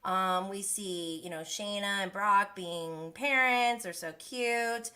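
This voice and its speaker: A woman's voice: mid-range voice, slow, sharp tone. A young woman hosting a casual recap livestream, chatty and gossipy, who laughs often. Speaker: host of a reality TV recap livestream.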